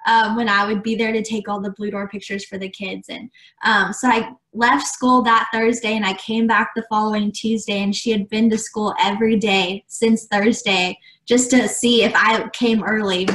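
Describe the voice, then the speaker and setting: A woman's voice: mid-range voice, fairly even intonation, moderate pace, fairly bright tone. A young woman guest in a casual interview, telling a story earnestly, with many fillers, acting out what others said. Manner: earnest, many "like" fillers, acts out quoted dialogue. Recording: echoey room.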